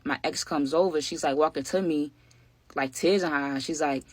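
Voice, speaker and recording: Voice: mid-range voice, moderate pace, dry recording. A vlogger telling a true story in casual narration, full of "like" and "you know what I'm saying," talking straight to the viewers. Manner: talks straight to viewers as "y'all".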